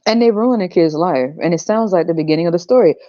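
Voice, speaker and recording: A woman's voice: fairly low pitch, fast, dark tone, dry recording, highs cut off. A woman hosting a podcast, ranting bluntly with a lot of profanity. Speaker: podcast host.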